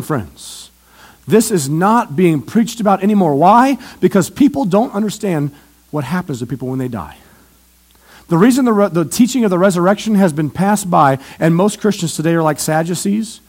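A high-voiced preacher poses questions to his church congregation and answers them himself during an evangelistic sermon. His delivery shifts from forceful, loud moments to quiet asides.

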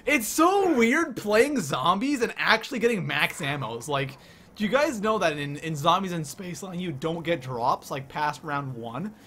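A young man from Canada hosting a live game stream, excitedly reading the chat out loud. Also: a little high, normal speed, a little hiss or hum.

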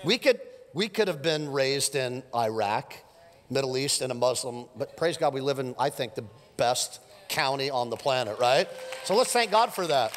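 A middle-aged man preaching a sermon as pastor, animated and joking with the congregation. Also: mid-range voice, moderate pace. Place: church sanctuary. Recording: live church sermon with long reverb.

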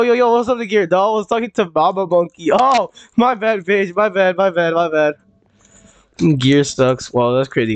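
Chatting loosely over a live game stream, a young male streamer piles up fillers, restarts and repeated words. His voice is fairly high in pitch, and the recording has no echo.

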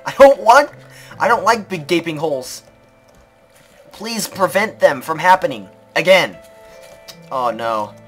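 Man, let's play commentary, bright tense tone, rambling self-talk, sudden shouted outbursts. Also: a little high, animated, measured pace, long pauses, soft background music. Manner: rambling, talks to himself and the game, sudden loud outbursts. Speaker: gaming video creator.

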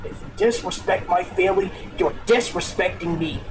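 Eastern Canadian man, high-pitched for a guy, repeating profane threats, heard through a noisy old webcam recording. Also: normal speed. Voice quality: odd-sounding voice. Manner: profane, repetitive, menacing. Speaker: video maker in an old clip. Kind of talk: angry threatening webcam rant.

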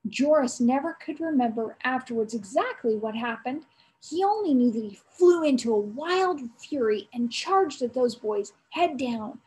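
A woman's voice: sits high, animated, a little mellow, rough recording. A woman, an aunt, reading a chapter book aloud to her nieces and nephews, stopping now and then to quiz them. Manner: storytelling, pausing to quiz listeners.

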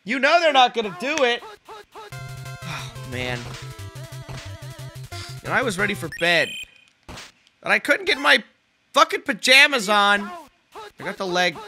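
A man giving casual, rambling commentary while playing a football video game, swearing and yelling at the screen. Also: sits high, sing-song, a little slow, long pauses, faint music behind. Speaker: let's play host.

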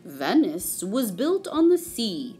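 A woman doing a slow, friendly lion. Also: mid-range voice, wildly swooping pitch, dark tone, soft background music. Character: friendly winged male lion, kindly.

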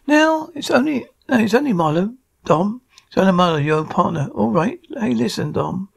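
Guy doing a jolly old space miner, coaxing, repeats himself, gravelly. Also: high voice, lively intonation, normal speed, full character voice.

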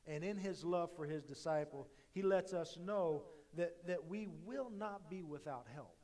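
A man preaching a sermon as pastor, rising to loud emphatic lines and dropping to quiet asides, often repeating words as he restarts a phrase. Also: fairly high pitch, measured pace.

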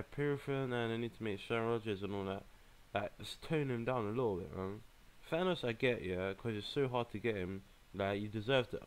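A young man, giving a casual running commentary as he plays a mobile game, reacting in an exasperated, excitable way with plenty of slang. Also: fairly low pitch, a little hiss or hum. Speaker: gaming channel host.

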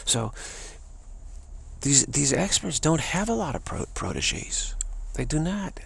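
A man's voice: a little high, sing-song, slow pace, a bit bright. A man giving a rambling, casual spoken talk as a teacher, stammering and restarting often. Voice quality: gravelly, raspy voice. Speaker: spiritual teacher.

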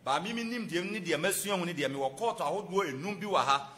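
A man from Ghana giving a spoken lesson to viewers, emphatic and rhetorical, swinging between loud stressed points and hushed asides. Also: high voice, quick pace. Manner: rhetorical, asks and answers his own questions. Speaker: church presenter teaching about prisons.

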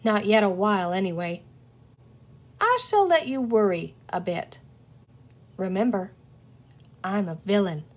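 A woman's voice: mid-range voice, expressive, a little slow, long pauses. A woman reading a storybook aloud and voicing a sly, theatrical male pirate villain with a mock-courtly, gloating manner. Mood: sly whisper.

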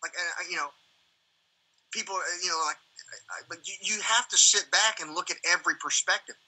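Animated, profane high-voiced man. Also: fairly quick, slightly rough, low-quality recording. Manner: profane, animated, acts out quoted exchanges. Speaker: livestream host. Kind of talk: casual rambling chat.

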